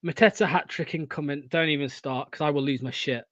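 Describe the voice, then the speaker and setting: A young man hosting a live football watchalong, swearing often and swinging from excited shouting to deflated muttering. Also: on the high side, a little fast, no room sound, highs cut off. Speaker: fan watchalong host.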